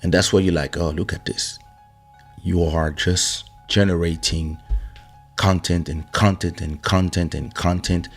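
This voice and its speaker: A man with a very low voice, hoarse from losing it, speaking slowly and easily as he hosts a live-stream podcast. He greets viewers by name and thanks them in a relaxed, unhurried chat over a faint bed of music. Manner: greets viewers by name, warm shout-outs. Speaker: podcast host. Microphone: studio microphone.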